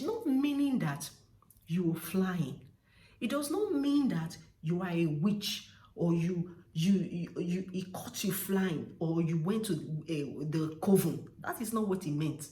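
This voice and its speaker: A woman with a Nigerian accent explains local slang in a casual vlog, slowly and with lively pitch. She drags out example phrases for emphasis, and her voice sits back from the mic in a roomy, echoing space. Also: distant mic. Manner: drawn-out, emphatic demonstrations of phrases. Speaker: vlogger teaching slang.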